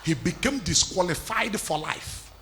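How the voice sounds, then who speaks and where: A man preaching a sermon, emphatic, repeating lines and building to shouts, in an echoey church hall with faint music. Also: sits high, lively intonation, a little slow, a little hiss or hum. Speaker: pastor.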